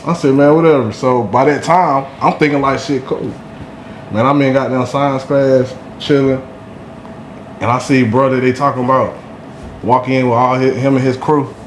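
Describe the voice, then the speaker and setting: In an echoey room with a faint hum behind him, a Durham, North Carolina man tells a casual school-days story as a podcast guest. He has a mid-range voice with fairly even intonation at normal speed, and his slangy talk is full of "you know what I'm saying."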